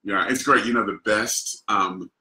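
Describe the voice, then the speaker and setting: A man's voice: on the low side, unhurried, pushed and bright, roomy sound, rough recording. A man who works as a voice actor, a guest on a casual interview chat, telling anecdotes in an easygoing way and chuckling often.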